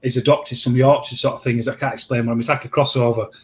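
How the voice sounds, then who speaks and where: A man hosts a relaxed conversation, rambling through his points and stopping to restart sentences. His voice sits at an average pitch for a man. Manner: rambling, halting, many restarts. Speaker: host. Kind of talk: casual chat.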